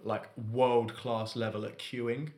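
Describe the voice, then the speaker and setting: A man's voice: medium pitch, flat delivery, takes it slowly, darkish tone. A man co-hosting a podcast, in casual, jokey banter with frequent laughter. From United Kingdom. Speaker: podcast co-host. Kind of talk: casual chat.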